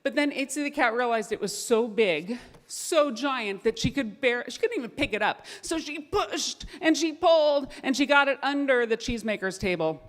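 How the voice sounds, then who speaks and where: A woman narrating a children's story at a family service, lively and animated. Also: on the high side, normal speed. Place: synagogue sanctuary. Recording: echoey hall with long reverb.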